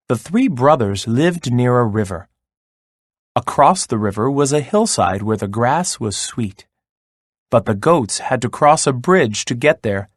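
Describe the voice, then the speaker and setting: A man reading a children's story aloud in a slow, expressive way. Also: mid-range voice, no room sound, studio quality. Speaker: narrator.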